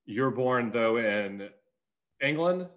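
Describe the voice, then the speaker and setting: Man, casual interview host, self-deprecating, mid-pitch voice. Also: animated, slow, a bit bright, highs cut off. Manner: easygoing, self-deprecating, hesitant. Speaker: podcast host.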